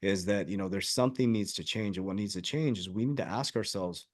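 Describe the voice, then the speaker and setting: A man's voice: on the low side, a little fast. A man who works as a life coach, talking earnestly and emphatically in a podcast conversation.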